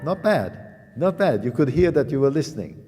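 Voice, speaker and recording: A man's voice: on the high side, very animated, moderate pace. A man teaching a piano master class, singing musical phrases on syllables to show the playing, often repeating words and restarting sentences. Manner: sings phrases on syllables to demonstrate. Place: concert hall. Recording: reverberant hall with loud piano.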